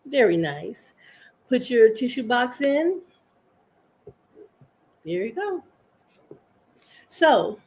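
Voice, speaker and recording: An older woman hosting a live crafting stream, chatting in a rambling, homey way with viewers and her pet. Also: fairly high pitch.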